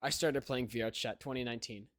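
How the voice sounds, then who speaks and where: A man's voice: medium pitch, fairly even intonation, fast, dry recording, clean studio sound. A teenage young man hosting a podcast, telling a story in a rambling way, full of fillers and "right?" check-ins. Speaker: podcast host. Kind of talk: casual chat.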